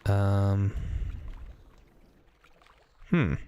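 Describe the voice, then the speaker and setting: A man hosting a let's play, chatting casually and thinking aloud as he plays, often pausing with hesitations. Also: fairly low pitch, dark tone, clear, resonant tone. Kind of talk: casual gameplay commentary.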